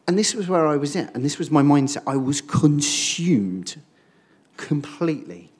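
A man, preaching a sermon and telling a personal story in a lively way, acting out the quoted speech. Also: fairly high pitch, moderate pace, breathy edge.

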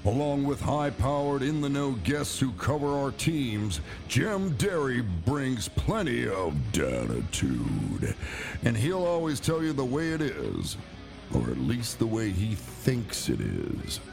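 Gravelly male promo announcer over guitar. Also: medium pitch, big pitch swings, takes it slowly. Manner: punchy promotional read. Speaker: show announcer. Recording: voice over guitar music bed. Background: guitar music.

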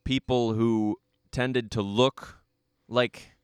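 A man's voice: medium pitch, steady tone, very slow, clear, resonant tone, dry recording, clean studio sound. A young American man chatting casually, rambling through a travel story with lots of fillers. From United States. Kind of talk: casual conversation.

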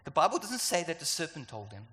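An animated, playful South African preacher acting out voices in his sermon. His voice is bright and fairly high. It carries a long hall reverb. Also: fast talker. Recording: echoey hall.

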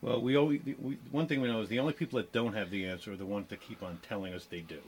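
A man's voice: fairly low pitch, fairly even intonation, very fast, a little mellow, slight background noise. A middle-aged man co-hosting a casual chat, telling stories and laughing often. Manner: chatty storyteller, laughs often. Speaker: co-host.

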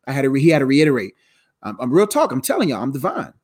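A man's voice: mid-range voice, very animated, very fast, darkish tone, slightly rough. A tired man teaching the Bible live in a casual, slangy way, repeating words as he goes. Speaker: preacher streaming live.

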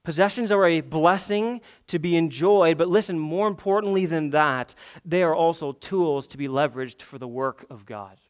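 A man's voice: fairly high pitch, normal speed, hardly any pauses, clear, resonant tone. A man preaching a sermon, building to emphatic, impassioned peaks and asking the congregation rhetorical questions. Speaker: pastor.

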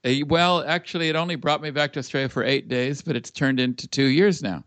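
A man from Los Angeles, a guest musician and speaker, telling a story over a video call in a measured way. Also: a little high, a bit bright, no echo. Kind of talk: storytelling in an interview.

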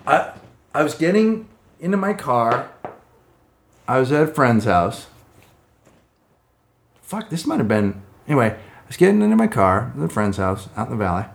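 A man's voice: medium pitch, big pitch swings, normal speed, gravelly, pauses often. A middle-aged man co-hosting a casual comedy chat, swearing and joking with big laughs. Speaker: podcast co-host.

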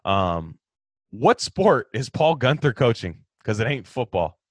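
A man hosting a casual sports talk, answering fan questions in an animated, ranting way that swings from loud outbursts to low mutters. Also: measured pace, dry recording, clean studio sound.

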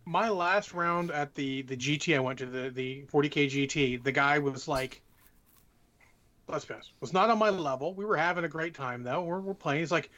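A man with a somewhat high voice co-hosts a casual podcast and gives swearing advice about keeping games fun. His tone is forceful and bright. The recording sounds dull and lo-fi. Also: normal speed. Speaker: podcast co-host. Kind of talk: casual chat.

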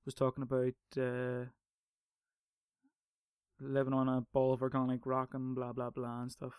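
A man's voice: medium pitch, completely flat delivery, normal speed, darkish tone, clear, resonant tone, no room sound, studio quality. A man hosting a podcast, talking off the cuff in a profane, heated rant that keeps drifting into tangents. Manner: profane, ranting, goes off on tangents; heated and emphatic. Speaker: podcast host. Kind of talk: casual monologue on arguing.

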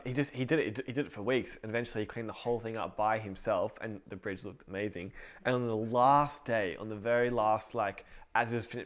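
Rambling casual man telling faith stories. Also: fairly low pitch. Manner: rambling, self-correcting, storytelling. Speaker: podcast co-host.

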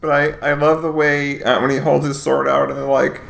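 A man with a very gravelly, creaky voice on a casual film podcast. He talks haltingly, with many fillers and swears. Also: on the high side, little pitch movement, a bit bright. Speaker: podcast co-host.

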